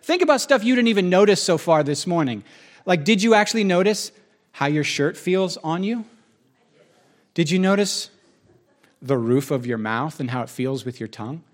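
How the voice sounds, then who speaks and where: A man's voice: fairly high pitch, animated, moderate pace. A man preaching a sermon in a conversational, joking way, with asides to the audience.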